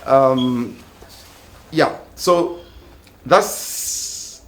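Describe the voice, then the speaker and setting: A man hosting a gossip chat show, halting and switching between English and Luganda. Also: mid-range voice, a bit bright, echoey room. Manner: halting, mixes English and Luganda, restarts often. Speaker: talk show host. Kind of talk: casual entertainment chat.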